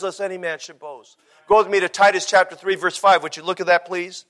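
Bright high-voiced male preacher. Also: steady tone, fairly quick. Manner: emphatic, repetitive, with rhetorical questions to the congregation. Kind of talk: sermon.

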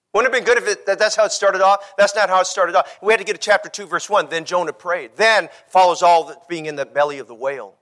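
A man preaching a sermon as pastor, swinging from hushed lines to loud cries and acting out the people in his story. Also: high voice, fast, hardly any pauses. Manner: preaching with dramatic shifts between hushed and shouting; acts out quotes in character voices.

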